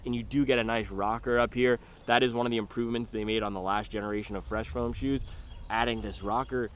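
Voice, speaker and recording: A man casually reviews running shoes in a playful, rambling way. His voice sits at an everyday middle pitch. Faint outdoor traffic noise hums in the background. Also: fairly bright tone. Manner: playful, goofy asides and drawn-out silly pronunciations.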